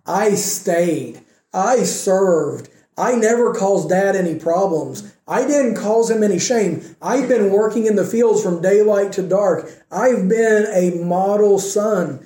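A man's voice: sits high, slow pace, mellow, echoey room. A man voicing a resentful, self-righteous older brother, a young man airing indignant, self-justifying complaints. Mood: smug.

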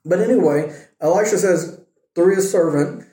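A man's voice: high voice, normal speed, warm tone. A man teaching a casual Bible study, telling the story animatedly with joking asides. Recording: echoey room.

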